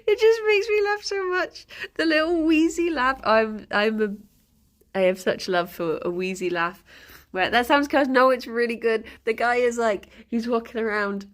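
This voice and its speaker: A woman's voice: on the high side, unhurried. A woman streamer chatting casually on a live stream, rambling and often breaking into laughter.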